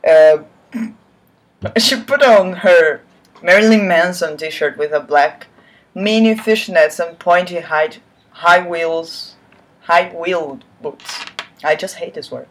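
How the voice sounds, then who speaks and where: Slow-reading sarcastic woman mocking a story. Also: lowish voice. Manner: sarcastic asides between read lines; swears and laughs at the text. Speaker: reader of fan fiction.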